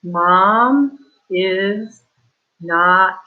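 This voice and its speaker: Over dull, lo-fi online class audio, a mid-range female voice leads young kindergartners through a remote reading lesson. She reads at a slow pace, stresses words heavily, and keeps asking the kids questions.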